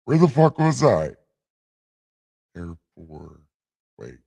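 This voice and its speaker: A man's voice: mid-range voice, very animated, takes it slowly, vocal fry, pauses often, warm tone, husky. A man casually reading the Bible aloud on a late-night livestream, irreverent and rambling, stumbling over lines and swearing as he goes.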